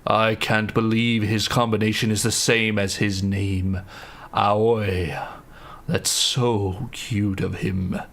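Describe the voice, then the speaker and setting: A man reading a note in a slow, drawn-out, swooning put-on voice as an obsessive young admirer. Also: on the low side, little pitch movement, a bit bright, heavily acted.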